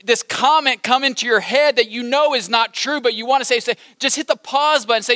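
A man preaching a sermon at a campus ministry gathering, animated and repetitive, leading the crowd in call-and-response. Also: very high-pitched, brisk, hardly any pauses, no echo, clean studio sound. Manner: animated, repeats phrases, leads audience call-and-response. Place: large hall with balcony.

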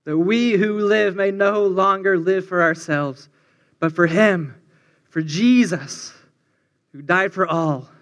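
Male campus preacher, high voice, earnest, leans on repeated refrains. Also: bright, forceful tone. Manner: earnest, repetitive, building refrains. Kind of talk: sermon.

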